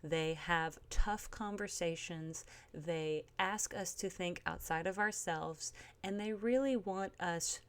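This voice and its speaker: A woman with a slightly low-pitched voice talks through a book review in a relaxed, conversational way. She is earnest and careful, often pausing on an um or backing up to rephrase. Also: clear, resonant tone. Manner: earnest and careful, with frequent um and restarts. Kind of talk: casual spoken book review.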